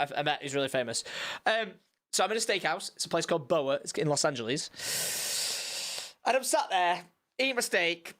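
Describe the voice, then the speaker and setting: Animated, rambling streamer. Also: male voice, fairly high pitch. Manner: animated, swearing, rambling with restarts. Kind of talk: live-stream storytelling.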